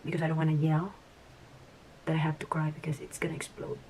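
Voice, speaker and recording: A woman's voice: sits low, completely flat delivery, quick pace, darkish tone, a little hiss or hum, poor audio. A woman vlogger talking casually to camera about her life, reflective and rambling, sometimes dropping to a whisper. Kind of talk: casual vlog talk to camera.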